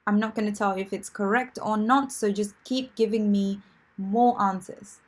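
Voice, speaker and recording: A woman's voice: mid-range voice, fairly even intonation, normal speed. A woman teaching English vocabulary in a live online lesson, chatty and encouraging, with many fillers and restarts.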